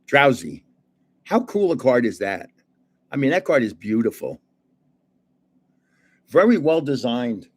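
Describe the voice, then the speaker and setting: An older man hosting a trading card live stream, telling stories in an animated way, laughing often and chatting with viewers. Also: mid-range voice, unhurried, long pauses, breathy edge. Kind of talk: casual live-stream chat and storytelling.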